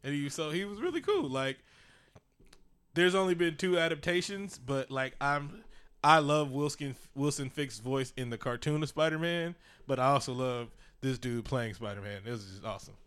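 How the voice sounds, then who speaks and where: Animated man in casual podcast chat. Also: mid-range voice, normal speed, clean tone. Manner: animated, laughing, acts out quotes in bursts. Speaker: podcast co-host. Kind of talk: casual chat reviewing a TV show.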